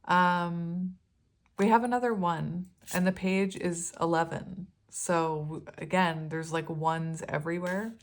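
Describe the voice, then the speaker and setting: A chatty woman with a fairly low voice reads tarot cards aloud for her viewers. She rambles along with ums and self-corrections. She slips into giggles as she goes. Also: fairly even intonation, slow pace. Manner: chatty, often breaks into giggles. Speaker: tarot reader. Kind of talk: casual tarot reading to viewers.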